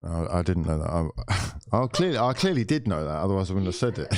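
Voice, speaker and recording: A man's voice: low voice, big pitch swings, brisk, a little mellow. A young man hosting a live football watchalong, exasperated and swearing constantly as he rants at players and referees. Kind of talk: live match watchalong commentary.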